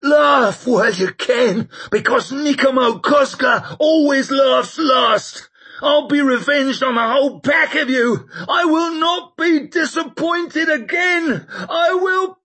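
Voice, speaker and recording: A man voicing a drunken, blustering old male mercenary with a husky, shrieking, drawn-out delivery. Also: very high-pitched, pushed and bright, pitched above the performer's own voice, exaggerated voice. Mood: vengeful.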